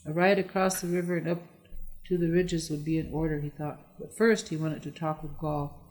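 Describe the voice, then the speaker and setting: An audiobook narrator reading a historical novel in a steady, measured way. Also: medium pitch. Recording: long echoey reverb.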